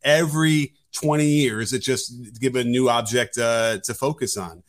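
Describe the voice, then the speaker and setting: A man's voice: mid-range voice, normal speed. A man co-hosting a political podcast, speaking casually and wryly, often restarting his sentences. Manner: wry, casual, with frequent restarts and hedges. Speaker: podcast co-host.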